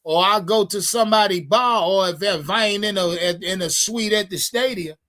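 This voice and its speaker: A man's voice: high voice, moderate pace. A man hosting a live sports stream, chatting casually and profanely with his viewers. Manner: profane, animated, addresses chat directly.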